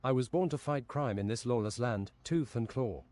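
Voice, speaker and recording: A man's voice: mid-range voice, normal speed, darkish tone, no echo, lightly acted. A man voicing a boastful male pigeon superhero who talks in a grandiose way.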